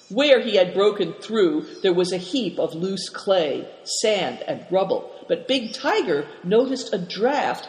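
A narrator reading a children's adventure story aloud at a steady, measured pace. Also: mid-range voice. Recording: roomy hall reverb.

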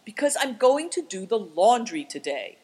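A calm, practical young man who talks matter-of-factly, as a woman reads him aloud. The voice is husky with a wide lilt. He belongs to a storybook reading. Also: a little high, normal speed, voice pushed up.

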